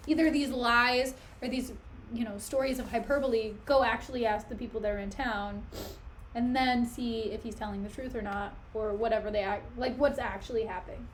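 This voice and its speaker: A woman's voice: fairly high pitch, fairly even intonation, fairly quick, slight background noise, low-quality recording. Chatty, giggly woman streamer. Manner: chatty, giggly, self-mocking. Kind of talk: casual reading stream with commentary.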